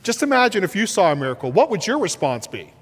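A man preaching a sermon on a headset mic, swinging between shouts and near-whispers as he acts out the story. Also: high-pitched, very animated, quick pace. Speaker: pastor. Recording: reverberant hall.

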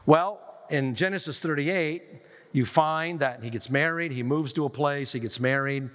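Storytelling preacher in a reverberant hall. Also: male voice, fairly high pitch, normal speed. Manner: storytelling, lively retelling with quoted voices. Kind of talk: sermon. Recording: long reverb of a large hall.

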